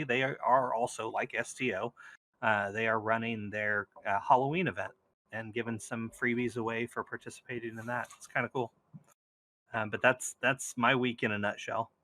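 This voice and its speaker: A man co-hosting a casual gaming podcast, upbeat and quick to laugh. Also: mid-range voice, steady tone, pushed and bright, no room sound. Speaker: co-host.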